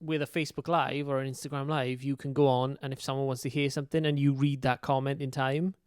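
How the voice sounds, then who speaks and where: Smooth-voiced man with a South Welsh accent. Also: mid-range voice, level tone, fast, no echo, studio quality. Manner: easygoing, jokey. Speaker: podcast co-host. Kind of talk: casual chat.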